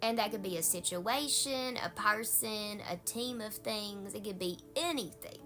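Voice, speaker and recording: A woman's voice: mid-range voice, measured pace, a bit bright, faint music behind. A woman pastor with a Southern US accent, giving a folksy, conversational devotional talk.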